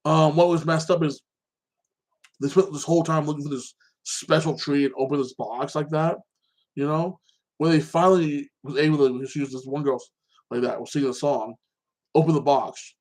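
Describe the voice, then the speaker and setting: Rambling excitable man chatting casually. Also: fairly high pitch, moderate pace. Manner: rambling, keeps tagging "like that"; animated, excitable. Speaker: show host. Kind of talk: casual solo chat about TV shows and fights.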